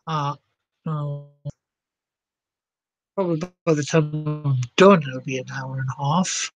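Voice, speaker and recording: Woman vlogger chatting slow and unhurried, goofing around in a fake accent, yelling out now and then. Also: low voice, faint music behind. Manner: playful, with a put-on accent and sudden shouts. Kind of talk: casual chat to camera.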